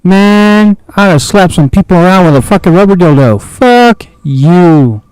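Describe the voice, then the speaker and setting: A man's voice: sits high, animated, a little slow, a little mellow, clean tone, dry recording, rough recording. Profane frustrated man gaming with drawl. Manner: frustrated, profane, grumbling to himself. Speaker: gaming streamer. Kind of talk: casual gameplay commentary.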